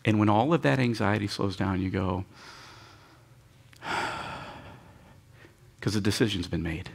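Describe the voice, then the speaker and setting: A male pastor preaching a sermon, animated and dramatic, with sudden rises in pitch and audible sighs, leading his congregation in reading scripture aloud. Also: fairly quick, gravelly.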